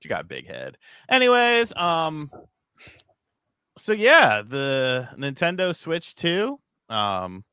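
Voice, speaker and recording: A man's voice: on the high side, wildly swooping pitch, slow pace, pushed and bright, clear, resonant tone, no room sound, clean studio sound. A man hosting a podcast livestream in a rambling, casual way, swearing and reading donations, tired from a short night. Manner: rambling, swears casually, laughs at own bits. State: tired from little sleep. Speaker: podcast host.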